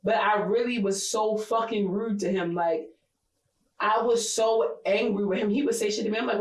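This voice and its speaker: A woman co-hosting a podcast, telling a personal story in blunt, profane casual chat, getting animated when she quotes people. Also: medium pitch, moderate pace, roomy sound, poor audio. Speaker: podcast co-host.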